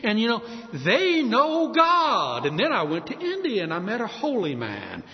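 Man, preacher, high lively voice, emphatic, long reverb, muffled lo-fi sound. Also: normal speed. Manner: emphatic, acts out quoted exchanges. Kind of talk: sermon.

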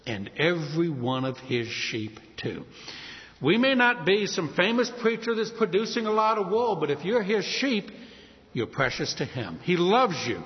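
A man preaching a sermon, his voice somewhat high and swinging widely up and down as he tells homely stories. The sound is a little dull and lo-fi, with a long reverb trailing behind him. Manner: folksy, storytelling, lively pitch.

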